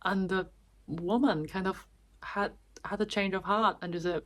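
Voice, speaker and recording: A woman's voice: medium pitch, steady tone, unhurried, a bit bright. A woman vlogger giving a chatty, casual summary of a book, with restarts and small laughs.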